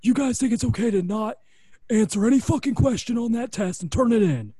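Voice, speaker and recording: A man doing an impression of an angry male wrestling boss yelling at his wrestlers, loud and pitched high. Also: a little fast, breathy edge, no room sound.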